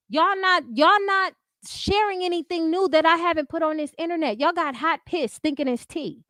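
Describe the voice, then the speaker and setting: A woman's voice: very high voice, normal speed, fairly bright tone, dry recording, clean studio sound. A woman hosting an unscripted commentary stream, talking bluntly with heavy profanity and repeating her catchphrases.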